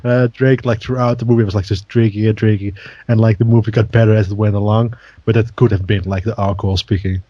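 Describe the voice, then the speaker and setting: A man's voice: fairly low pitch, fairly even intonation, quick pace, no room sound, lo-fi sound. A man co-hosting a podcast in casual chat, rambling with many fillers and laughing often. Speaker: podcast co-host.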